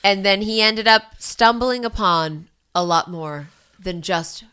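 A woman's voice: mid-range voice, pushed and bright, clear, resonant tone. A young woman co-hosting a podcast, ranting sarcastically with plenty of swearing and sounding a little tipsy. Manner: profane, sarcastic, rapid rants. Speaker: podcast co-host. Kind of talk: casual chat.

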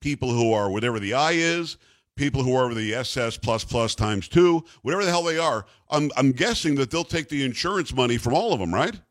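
A man's voice: mid-range voice, animated, brisk, dry recording. A middle-aged or older man hosting a talk radio show, rambling and incredulous in casual chat.

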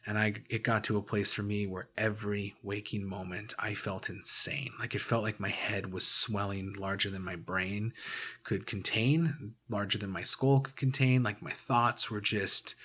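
A man in an interview, recounting his past candidly and haltingly, often restarting and repeating words. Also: fairly low pitch, bright, forceful tone, breathy edge. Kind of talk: candid personal storytelling.

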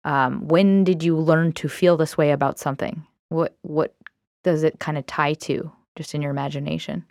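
A woman's voice: low voice, fairly even intonation, moderate pace, a little mellow, dry recording, studio quality. A woman hosting a self-help podcast, talking in a candid, reflective way with many fillers. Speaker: podcast host. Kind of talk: casual self-help talk.

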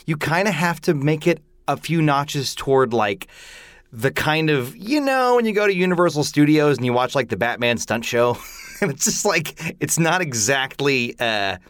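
A man chatting on a musical theatre podcast, animated and opinionated, full of "like" asides. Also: on the high side, normal speed, no room sound. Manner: animated, opinionated, many "like" fillers. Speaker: podcast panelist. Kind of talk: casual chat.

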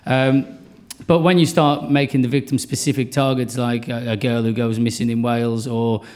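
A man answering as a comedian guest, halting and repeating words as he thinks aloud. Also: mid-range voice, level tone, darkish tone. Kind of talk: casual interview answer.

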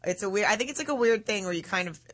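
A woman co-hosting a radio show, chatty and quick to laugh. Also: mid-range voice, lively intonation. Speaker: radio co-host. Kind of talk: casual radio banter.

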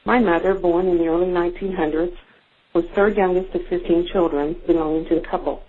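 Older woman reading her own story, low husky voice, phone-line sound. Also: steady tone, fairly quick. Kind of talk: reading a personal story aloud.

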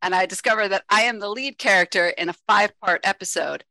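A woman's voice: mid-range voice, fast talker, pushed and bright, dry recording, poor audio. A woman voice actor telling an amused anecdote on a panel, laughing as she goes. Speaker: voice actor on an after show panel. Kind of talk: casual storytelling.

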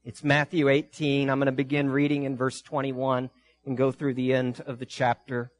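A pastor preaching a sermon in a church, reading scripture in a deliberate, earnest way and rising with emphasis. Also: male voice, medium pitch, monotone.

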